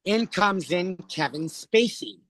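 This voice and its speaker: A Canadian drag performer telling a story with breathless, theatrical energy and acting out the voices in it. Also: male voice, sits high, lively intonation, slow, fairly bright tone, dry recording. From Alberta, Canada. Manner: breathless, theatrical, acts out the voices in his stories. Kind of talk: animated storytelling.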